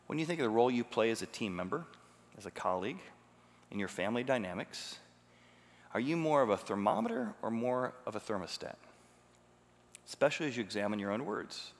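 Bright-voiced preacher in a reverberant hall. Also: male voice, mid-range voice. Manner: animated, emphatic teaching with rhetorical questions. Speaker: pastor. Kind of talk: sermon.

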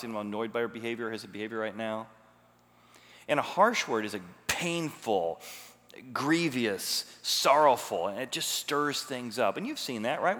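A man's voice: mid-range voice, fairly bright tone. A man preaching a sermon as a pastor, teaching emphatically and asking rhetorical questions. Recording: long hall reverb.

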